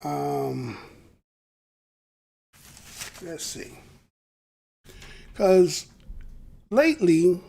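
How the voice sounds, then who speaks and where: A man talks to his viewers in a casual, preachy way and keeps asking them rhetorical questions. His voice is gravelly and husky, and his pitch swings widely as he talks. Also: big pitch swings, very slow, long pauses, warm tone. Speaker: commentator. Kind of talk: casual talk to camera.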